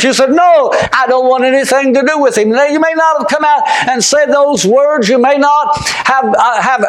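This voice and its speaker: High-voiced man preaching fervently in an echoey room. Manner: fervent preaching, swings between shouted emphasis and quiet asides; repeats words and restarts phrases. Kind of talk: sermon.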